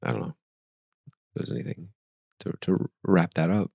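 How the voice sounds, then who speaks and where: A man's voice: sits low, steady tone, normal speed, creaky, mellow, breathy edge, dry recording, studio quality. A man in his forties hosting a podcast, talking casually and reflectively, often trailing off and restarting his thoughts. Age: 40s. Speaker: podcast host.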